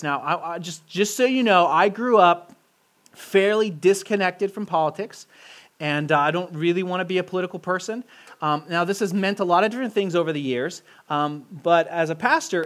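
A young man, a pastor, giving a relaxed, joking sermon with lots of fillers and restarts, asking the congregation questions. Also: high voice, no echo. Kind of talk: casual sermon with audience interaction. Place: church hall. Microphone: handheld mic.

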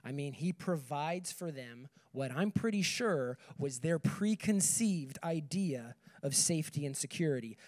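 A man's voice: fairly high pitch, a little mellow. A young man giving a conversational sermon to a group, reading scripture and checking in with "okay" and "right". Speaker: speaker at a campus ministry meeting.

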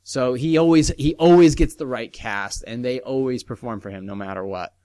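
A man's voice: medium pitch, normal speed, dark tone. A man hosting a casual podcast, rambling and restarting his sentences as he talks about movies and reads sponsor promos. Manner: rambling, self-interrupting, reads promos aloud. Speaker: podcast host. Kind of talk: casual chat.

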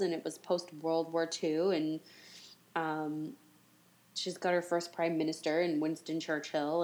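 A woman co-hosting a podcast in casual chat, animated and quick to speed up, with frequent chatty asides. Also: on the low side. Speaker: podcast co-host.

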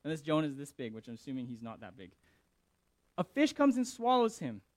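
A man preaching who reads scripture and comments on it in an animated, emphatic way, often repeating his words. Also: a little high, a little fast, no echo. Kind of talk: scripture reading and sermon commentary.

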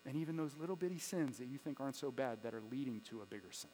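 A man preaching a sermon as pastor, dropping to hushed asides and rising to loud pleas. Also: mid-range voice, animated, rapid-fire, soft background music. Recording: long echo of a hall with mains hum.

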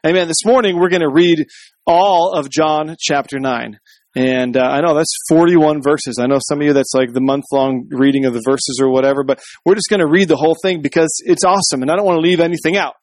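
Conversational preacher, dry close sound. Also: male voice, on the high side, steady tone, fairly quick, no echo. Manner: conversational, frequent asides asking the congregation. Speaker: pastor. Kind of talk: sermon.

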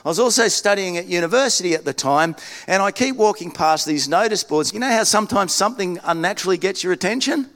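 A man with an Australian accent preaching a sermon in a relaxed, storytelling way, often restarting his sentences. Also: high-pitched, quick pace. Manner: conversational, self-deprecating storytelling with frequent restarts. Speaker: pastor.

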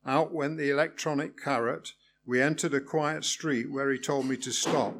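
A man's voice: mid-range voice, fairly even intonation, moderate pace, a bit bright. A man reading a first-person story aloud in a wry, good-humoured way. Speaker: narrator.

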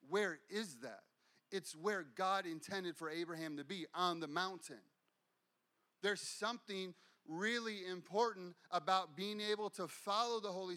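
A man's voice: sits high, bright, forceful tone. A man preaching a sermon as pastor, fervent and repeating phrases for emphasis.

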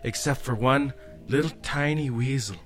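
A man's voice: medium pitch, normal speed. A man telling a spooky story casually, rambling with frequent "eh" and "like". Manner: rambling, tags lines with "eh" and "like". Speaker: storyteller guest.

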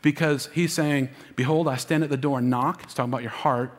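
A man's voice: medium pitch, fairly even intonation, a little fast, in a large hall. A man preaching an Easter sermon as lead pastor, emotional and calling on the congregation to answer back. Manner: emotional, preaching with audience call-and-response.

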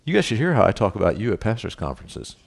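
A middle-aged pastor with a fairly low voice delivers a sermon. He reads verses and then talks them through in an easy, conversational way. He keeps asking "right?" and makes light of himself. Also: wildly swooping pitch, very fast, gravelly, husky. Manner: conversational preaching with tag questions and self-deprecating humor.

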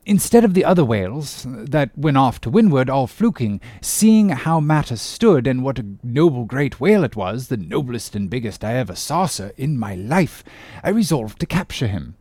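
A man's voice: medium pitch, very animated, moderate pace, a little mellow, no echo. A man voicing a good-humoured, one-armed English sea captain in an audiobook reading, telling a rambling, hearty tale. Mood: storytelling. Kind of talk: audiobook character voice.

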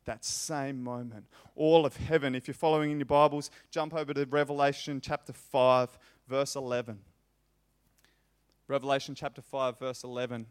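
A man's voice: medium pitch, fairly even intonation, clear, resonant tone. Impassioned male preacher. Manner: impassioned, rising loud on repeated phrases, slow emphatic delivery. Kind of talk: sermon.

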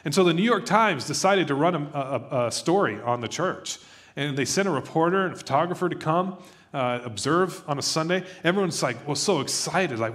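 A man's voice: fairly high pitch, fairly quick. Conversational man preaching a sermon. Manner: conversational, animated, acts out quoted voices. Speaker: pastor.

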